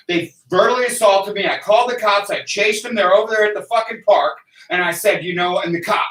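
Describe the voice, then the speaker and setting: Man, angry profane rant, bright sharp voice, roomy echo, away from the mic. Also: a little high, fairly quick, recorded from a distance. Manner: profane, ranting, shouting at times. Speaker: guest. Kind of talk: angry storytelling.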